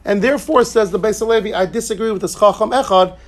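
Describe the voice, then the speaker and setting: A man's voice: high-pitched, fast talker. A man teaching an informal Talmud class, explaining points conversationally with joking asides and frequent restarts.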